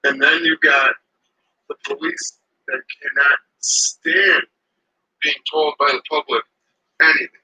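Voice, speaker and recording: A man's voice: a little high, huge pitch swings, slow pace, long pauses, sharp tone, breathy edge, lo-fi sound. A man ranting casually to camera outdoors. He swears a lot and rambles heatedly.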